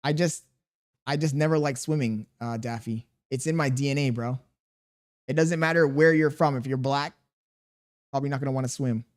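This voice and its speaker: A man's voice: mid-range voice, steady tone. A young man with a sore throat, live streaming and reading his chat aloud, laid-back and chuckling as he answers. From Chicago, USA. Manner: laid-back, chuckling, drifts between slow and quick talk.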